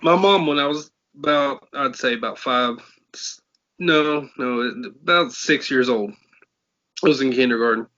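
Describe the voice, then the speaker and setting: A man from Tennessee, co-hosting a podcast and telling his own ghost story in a quick, chatty way. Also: medium pitch, sharp tone. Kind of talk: casual chat. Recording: muffled lo-fi podcast audio.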